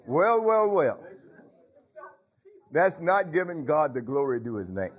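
A man's voice: fairly high pitch, sing-song, measured pace, lo-fi sound. A man preaching an informal sermon in a small church, folksy, calling out to the congregation and repeating his phrases. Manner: call-and-response, folksy, repeats phrases, chuckles.

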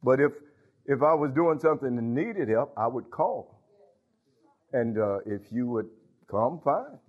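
A man's voice: mid-range voice, animated, unhurried, phone-quality sound. A man preaching an informal sermon in a small church, folksy, calling out to the congregation and repeating his phrases. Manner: call-and-response, folksy, repeats phrases, chuckles.

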